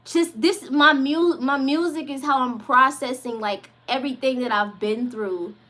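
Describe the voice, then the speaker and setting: High bright-voiced woman chatting emotionally. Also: measured pace. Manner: rambling, emotional, many restarts and likes. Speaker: vlogger and singer. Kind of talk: casual chat.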